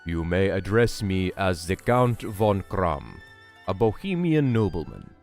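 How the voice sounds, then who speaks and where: A man voicing a proud masked nobleman with a put-on vaguely Eastern European accent, speaking formally and slowly. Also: low voice, big pitch swings, a little mellow, soft background music, voice pushed down, heavily acted. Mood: grave.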